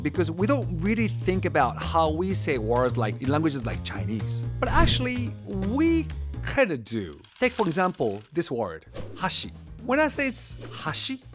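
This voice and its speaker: A man with a Japanese accent, a YouTube host explaining Japanese in a playful, jokey way. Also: a little high. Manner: playful, jokey, animated delivery. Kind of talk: comedic explainer video.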